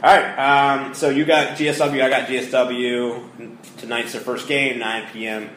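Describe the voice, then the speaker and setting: A man from Connecticut co-hosting a podcast, chatting casually and playfully about sports and music, excitable as he spars with his co-host. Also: mid-range voice, normal speed. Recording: roomy echo, faint background hiss.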